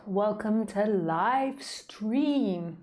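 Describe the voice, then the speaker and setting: Female stream host, unhurried and playful, casual chat from home on a webcam mic. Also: medium pitch, expressive, darkish tone, slight background noise. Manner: playful, chatty, many fillers. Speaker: live stream host and spiritual teacher.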